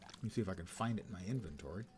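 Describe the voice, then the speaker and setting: A man's voice: low-pitched, lively intonation, rapid-fire, darkish tone, a little hiss or hum. Wry older man streaming a game. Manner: wry, rambling, self-mocking asides. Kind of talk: live gameplay commentary.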